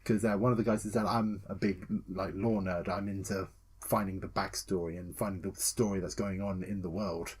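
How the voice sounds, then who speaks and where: A man co-hosting a casual gaming podcast, excitable and swearing freely, acting out scenes with yelps and laughter. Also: low-pitched, moderate pace, slightly rough. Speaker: podcast co-host.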